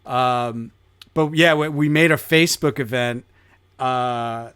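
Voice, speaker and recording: A man's voice: mid-range voice, takes it slowly, a bit bright, clear, resonant tone, no room sound, clean studio sound. A man hosting a casual podcast chat, joking and laughing often. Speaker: podcast host.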